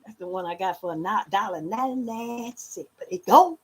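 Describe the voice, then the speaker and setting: Lively Southern woman in her fifties. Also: medium pitch, brisk, a little hiss or hum. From Louisiana. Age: 50s. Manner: animated, talks straight to viewers as "y'all". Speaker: livestream vlogger. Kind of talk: casual livestream chat. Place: at home.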